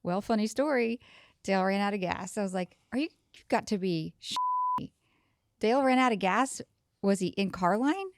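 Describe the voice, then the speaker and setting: This is a woman in her thirties co-hosting a podcast, in a relaxed, chatty way. She often jumps in to finish her partner's sentences. The mic is close and the sound is dry. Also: medium pitch, normal speed, no echo. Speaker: podcast co-host. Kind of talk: casual chat.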